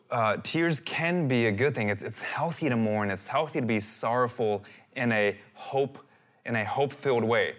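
Earnest male pastor preaching a sermon. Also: medium pitch. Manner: earnest, repeats phrases, animated when quoting.

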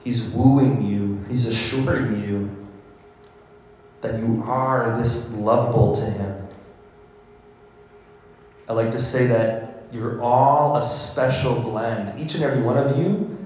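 A priest preaching slowly and emphatically, his voice carrying from a distance through a long, echoing hall. He repeats his phrases for weight and laughs now and then. The sound is roomy and far from the mic. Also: mid-range voice, a little mellow. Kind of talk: sermon.

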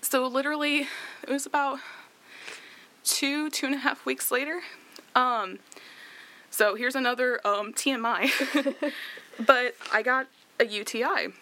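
A woman's voice: sits high, measured pace, pauses often, sharp tone. A young woman chatting through a personal story, with many fillers and laughs, tearful at times. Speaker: guest sharing her story.

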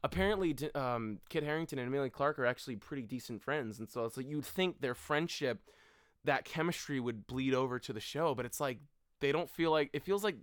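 A young man in a relaxed podcast chat, venting with energy and plenty of swearing. He often drops into little mocking impressions of characters. His pitch moves around a lot as he gets worked up. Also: fairly quick, smooth. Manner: animated, profane, quotes characters in mocking voices. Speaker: podcast co-host. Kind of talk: casual chat.

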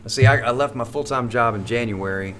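A man's voice: mid-range voice, a little fast, sharp tone, a little hiss or hum. A man who does stand-up comedy, chatting as a podcast guest in a comedy club, joking and rambling with plenty of profanity. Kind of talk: casual joking chat.

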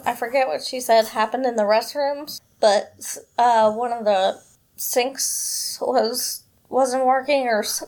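Chatty woman podcast host, higher voice. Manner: rambling, chatty, many fillers. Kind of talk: casual chat.

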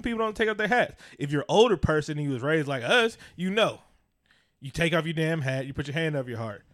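A man in his 30s co-hosts a casual podcast, ranting and chatting with heavy profanity. His voice is a bit bright and sits on the high side.

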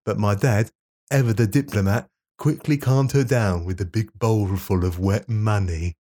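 A man's voice: lowish voice, warm tone, voice pushed down, natural voice. A man doing a comic impression of a smug, self-important politician, reading out a childhood diary in a pompous, mock-earnest way. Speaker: comedy podcast host.

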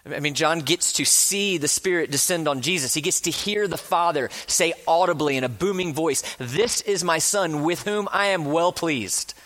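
Earnest male preacher, slightly high voice. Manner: earnest, speeds up and slows down, drops to a hush for emphasis; acts out quoted speakers with rising passion. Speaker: pastor. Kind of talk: sermon.

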